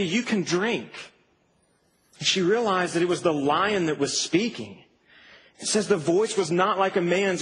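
A man delivers a conversational, animated sermon in a church hall, full of asides. His voice sits fairly high for a man. The long reverb of the hall and a faint background hum surround him. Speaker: preacher.

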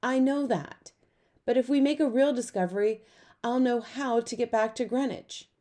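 A woman's voice: on the high side, normal speed, warm tone, voice pushed up, close to an everyday voice. A woman voicing a dramatic, tearful young girl who is earnest and fussy about grammar, in an audiobook. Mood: upset. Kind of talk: audiobook character voice.

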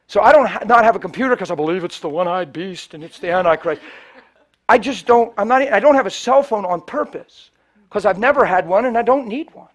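A male preacher telling a story in a sermon, swinging between loud preaching and hushed, near-whispered storytelling, and acting out the people he quotes. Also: high voice, lively intonation, fairly quick. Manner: acts out the people in his stories in quoted voices.

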